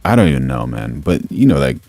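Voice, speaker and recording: A man's voice: extremely low pitch, sing-song, a little fast, a little mellow, dry recording, soft background music. A man hosting a live reaction stream, talking in a laid-back, rambling, slangy way into a streaming mic. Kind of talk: casual live-stream commentary.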